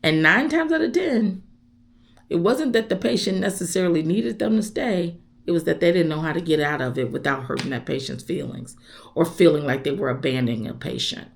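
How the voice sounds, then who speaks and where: A woman's voice: low voice, fairly quick, vocal fry. A woman chaplain, chatting casually to viewers and giving practical advice. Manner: warm, conversational, speaks directly to viewers. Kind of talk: casual teaching vlog.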